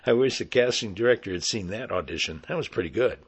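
A middle-aged man, an actor, telling a personal story in an animated, conversational way. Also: lowish voice, fast, hardly any pauses, husky.

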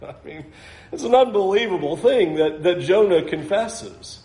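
A man preaching a sermon, earnest and emphatic, voicing quoted speakers with rising pitch. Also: moderate pace, mellow, roomy sound. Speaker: pastor.

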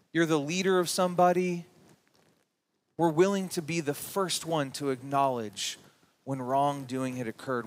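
Slow-preaching man, pastor. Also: on the high side. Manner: preaching with rising emphatic peaks and slow drawn-out words; reads scripture and quotes aloud. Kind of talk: sermon.

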